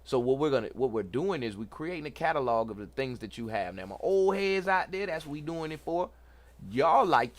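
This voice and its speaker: A middle-aged man hosts a casual livestream about home tech. His voice sits a little high and swings up and down with energy. He sounds excited and preachy, repeats points and answers chat comments. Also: a little fast. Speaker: host.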